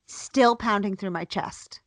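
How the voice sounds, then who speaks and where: A mother in her thirties, a podcast co-host and teacher, telling a lively story in casual chat, swearing freely and acting out what she said. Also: mid-range voice, slow pace, dry recording, clean studio sound. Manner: animated storyteller, swears freely, acts out quotes.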